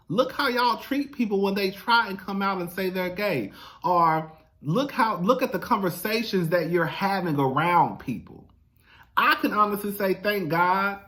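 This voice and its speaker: High-pitched guy venting on camera, blunt and cussing, calls everyone girl. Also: fairly bright tone. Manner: blunt, profane and emphatic; chatty, keeps calling the listener "girl". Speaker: vlogger. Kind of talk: casual monologue to camera.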